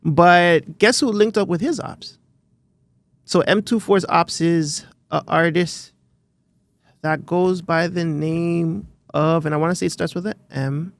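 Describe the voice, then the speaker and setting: A Canadian man co-hosting a podcast, chatting casually in animated, rambling bursts with frequent restarts. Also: on the high side, measured pace, vocal fry. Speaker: podcast co-host. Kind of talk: casual chat.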